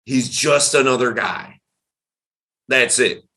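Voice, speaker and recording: A man, a dating coach and podcast host, talking in a casual chat with an animated, emphatic delivery. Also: medium pitch, takes it slowly. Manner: animated, emphatic, varied tonality.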